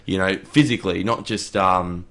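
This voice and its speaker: A man's voice: low voice, fairly even intonation, moderate pace, a bit bright. A man talking as a podcast guest in casual chat, hesitant and full of fillers.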